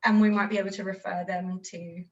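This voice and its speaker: A woman's voice: medium pitch, flat delivery, a little fast, recorded from a distance, highs cut off. A woman podcast host on a video call, reflecting on what her guest said and summing up the lessons. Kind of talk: casual interview chat.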